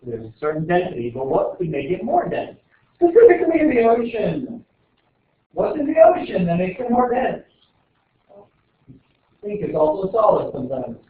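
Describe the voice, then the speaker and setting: A man with a high voice runs a laid-back exam review, cracking jokes, quizzing his class and wandering off topic. The recording is tinny, lo-fi and echoey in the classroom, with a little hiss or hum.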